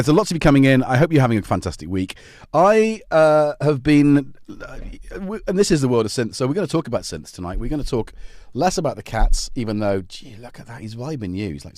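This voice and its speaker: A man's voice: mid-range voice, sing-song, normal speed, a little mellow, no echo, clean studio sound. A man hosting a casual live stream, rambling and joking, drifting off on tangents and talking to his cats. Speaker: livestream host.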